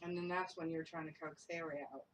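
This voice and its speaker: A paranormal investigator tells a ghost story in a casual group chat, a lively storyteller who laughs often and acts out quotes. Her voice is low-pitched and quick, picked up by a distant mic with faint noise.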